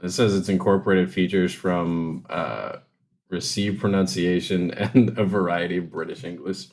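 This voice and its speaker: A man's voice: sits low, steady tone, moderate pace, darkish tone. A man co-hosting a podcast in casual chat, teasing and swearing casually, laughing often. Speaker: podcast co-host.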